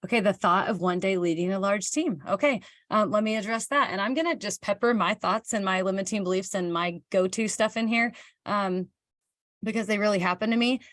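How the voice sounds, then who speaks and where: A woman's voice: mid-range voice, a little fast, fairly bright tone, no room sound, clean studio sound. A woman from Kansas, hosting a motivational live talk for her team, chatty and candid, answering viewer comments and acting out bits of dialogue. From Kansas, United States.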